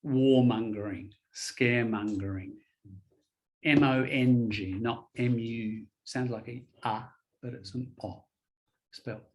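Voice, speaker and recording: A man's voice: medium pitch, rough recording. Patient male English teacher. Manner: explains patiently, spells words out, many fillers. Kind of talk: conversational one-on-one lesson.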